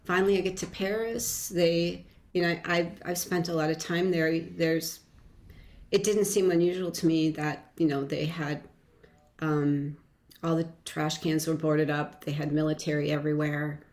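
Woman guest, low voice, halting reflective storyteller, casual interview. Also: steady tone, a little mellow. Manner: halting, many restarts and fillers, reflective.

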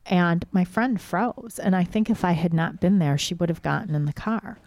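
Middle-aged woman, creaky low-ish voice, dry close sound, casual suspenseful storyteller. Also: moderate pace, a little mellow, dry recording. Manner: suspenseful, conversational storytelling with frequent "like" fillers.

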